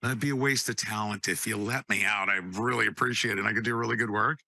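A man giving an emotional personal testimony, halting and repeating words, at times choked up. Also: lowish voice, steady tone, gravelly, bright, forceful tone, dry recording.

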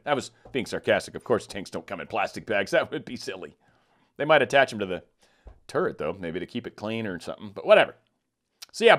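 A man's voice: on the low side, fairly bright tone. Sarcastic ranting male commentator. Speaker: political commentator. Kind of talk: casual commentary.

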